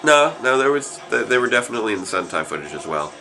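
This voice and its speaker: A man co-hosting a casual reaction chat, with quick, animated banter full of fillers. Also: mid-range voice. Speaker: co-host reacting to a TV episode. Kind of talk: casual chat over a playing episode.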